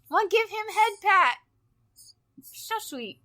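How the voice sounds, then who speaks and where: A young woman co-hosting a casual podcast chat, gushing and squealing with excitement, swearing freely. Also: very high-pitched, takes it slowly, pauses often. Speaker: podcast co-host.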